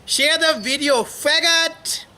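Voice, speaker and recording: Guy putting on a shrill, slow taunting heckler. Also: sharp tone, full character voice. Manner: mocking, sing-song taunting.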